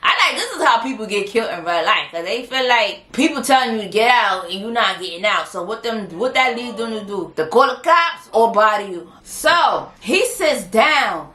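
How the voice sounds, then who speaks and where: A woman casually recapping a TV episode in an animated, sassy way, calling people honey and child. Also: a little high, moderate pace, few pauses. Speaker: TV show reviewer. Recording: roomy echoey room.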